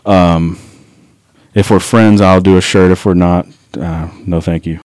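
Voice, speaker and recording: A man's voice: sits low, steady tone, measured pace, a little mellow, smooth, no echo. A man telling a rowdy, profane anecdote in a casual chat, laughing as he goes. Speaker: guest. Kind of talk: casual storytelling.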